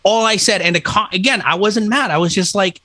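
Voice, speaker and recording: A man in casual podcast chat, telling kitchen and childhood stories with swearing and easy laughter. His voice sits a little high and sounds bright and forward. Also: fairly quick, no echo. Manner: relaxed storytelling, swearing, laughing along. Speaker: podcast co-host, cook.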